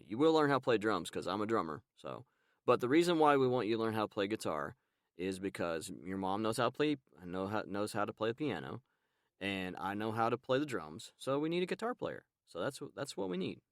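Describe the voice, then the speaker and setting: A man hosting a podcast, talking tenderly to his baby son in a rambling, casual way with frequent pauses. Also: fairly low pitch, no room sound, studio quality. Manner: warm, rambling, with frequent ums and soft laughs. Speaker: podcast host and father.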